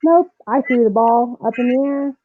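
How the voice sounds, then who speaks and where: A woman softball coach telling her personal story as a podcast guest, earnest and animated, with frequent fillers. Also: on the high side, normal speed, faint music behind. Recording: tinny phone-like dry line.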